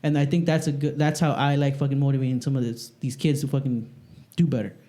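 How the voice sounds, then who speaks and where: A man chatting casually on a podcast, telling animated, profanity-laced stories about greeting kids at the school where he works. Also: medium pitch, fast talker. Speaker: podcast co-host; school staff working with kids. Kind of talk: casual chat.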